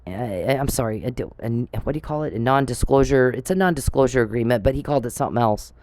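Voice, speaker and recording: This vlogger is a middle-aged woman with an extremely low, slightly mellow voice, speaking fast and expressively on a dry recording. Her angry monologue to camera is confrontational and sarcastic, full of swearing and rapid rhetorical questions.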